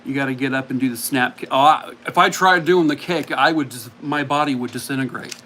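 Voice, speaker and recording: A man hosts a live game stream, chatting playfully, poking fun at himself, and laughing often. His mid-range voice is fairly quick and sharp-toned, with a little hiss or hum.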